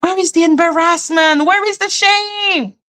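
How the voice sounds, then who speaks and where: A woman's voice: extremely high pitch, unhurried, a bit bright. A woman with a French accent, a native French speaker, ranting and mocking with profanity as a livestream host.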